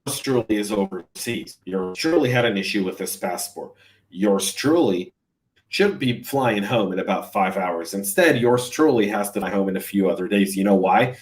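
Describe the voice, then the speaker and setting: A man from California, a podcast host, ranting in animated, sarcastic casual chat on a livestream. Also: fairly low pitch, normal speed.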